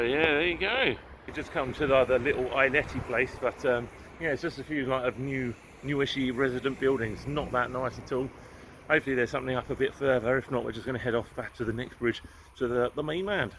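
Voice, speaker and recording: A man's voice: mid-range voice, fairly quick. An English man from England vlogging his travels while walking around, chatty and grumbling, with mild swearing and frequent chuckles. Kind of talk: casual walking vlog. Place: city streets outdoors. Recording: loud street and traffic noise.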